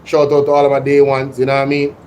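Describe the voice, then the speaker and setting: A man with a Jamaican accent hosting a casual livestream, talking excitedly to his chat and slipping into patois. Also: mid-range voice, fast talker, slight background noise, rough recording. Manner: excitable, slips into patois, addresses chat directly. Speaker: livestream host.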